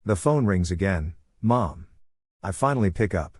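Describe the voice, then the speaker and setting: A man narrating a first-person story in a steady, even reading voice, recorded close. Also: low-pitched, normal speed, slightly rough, no room sound.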